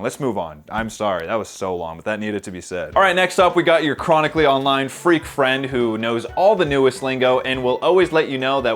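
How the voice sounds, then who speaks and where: A young man hosting a comedic video, ranting in mock anger and swearing, swinging between loud outbursts and quiet muttered asides. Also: medium pitch.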